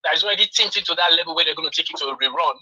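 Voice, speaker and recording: Brief: man caller, sharp, tense, fairly high voice, halting and tentative, thin phone sound. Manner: hesitant, many fillers and restarts. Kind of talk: call-in radio comment. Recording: tinny lo-fi phone line.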